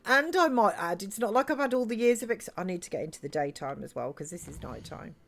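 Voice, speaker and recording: A woman livestreams a video game, chatting, giggling, and reading viewer chat aloud during a live let's-play. She talks fast in an expressive, medium-pitched voice with vocal fry.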